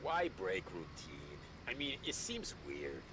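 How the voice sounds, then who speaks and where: An actor playing a wary, suspicious male security guard in a video game, speaking slowly and flatly. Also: deep voice, heavily acted. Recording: game audio with street noise.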